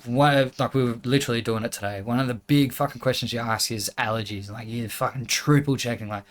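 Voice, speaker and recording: A man's voice: mid-range voice, fast talker. A young man talking casually as a podcast guest, rambling with frequent swearing and restarts. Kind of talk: casual chat.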